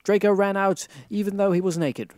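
A man's voice: sits high, fairly even intonation, a little fast, a little mellow, a little hiss or hum. A man giving a comic, mock-earnest reading of a fan fiction, close to the mic. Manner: mock-earnest, breaks into laughter. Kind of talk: comic dramatic reading aloud.

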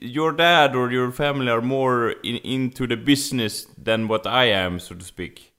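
A man co-hosting a podcast in casual chat, halting and repeating words, laughing often. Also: medium pitch, bright, forceful tone. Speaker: podcast co-host.

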